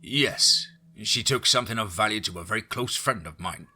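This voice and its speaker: A man voicing a polite, formal older male visitor in a spoken horror story, courteous and measured. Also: fairly low pitch, sharp tone, husky, full character voice.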